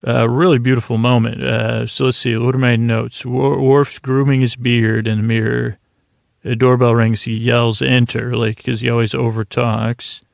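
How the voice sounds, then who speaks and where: A man's voice: mid-range voice, flat delivery, normal speed, gravelly, no echo, clean studio sound. A man hosting a sleep podcast, casually recapping a TV episode in a meandering, earnest way. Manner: meandering, many restarts and fillers, quietly earnest.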